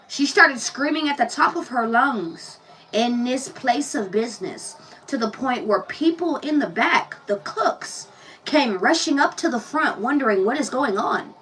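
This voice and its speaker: A woman's voice: high-pitched, fairly bright tone, distant mic, low-quality recording. A woman giving a casual tarot reading, telling a personal story and talking bluntly and profanely straight to the viewer. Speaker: tarot reader.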